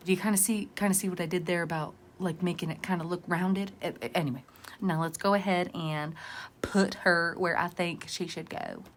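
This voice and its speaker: Chatty woman with a lowish voice. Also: slight background noise. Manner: rambling, self-deprecating, chatty. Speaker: crafting vlogger. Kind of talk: casual crafting tutorial narration.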